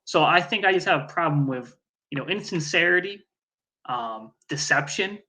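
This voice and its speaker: Co-host type: man with a slightly high voice, blunt, jokey, casual podcast banter. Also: expressive, normal speed, bright, forceful tone. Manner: joking, blunt, swears freely. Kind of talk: casual chat.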